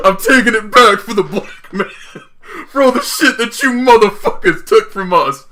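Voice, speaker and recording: A young man co-hosting a casual podcast chat, excitable and quick to swear and laugh. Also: high voice. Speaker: podcast co-host.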